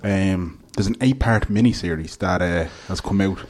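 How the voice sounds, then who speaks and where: A man's voice: sits low, moderate pace, a little mellow. Joking Irish man hosting a podcast. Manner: joking, laughs often. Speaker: podcast host. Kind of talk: casual chat. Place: hotel room, live podcast.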